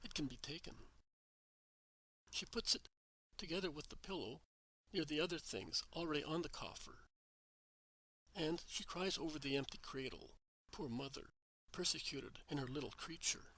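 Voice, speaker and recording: A man narrating a devotional story in a slow, gentle, reverent reading. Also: a little high, expressive, dry recording, rough recording.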